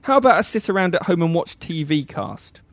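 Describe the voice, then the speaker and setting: A man's voice: on the high side, very animated, a little fast, no room sound. A man playing a timid one-armed reptile-person job seeker in a comedy sketch, with a meek, sheepish and hesitant manner.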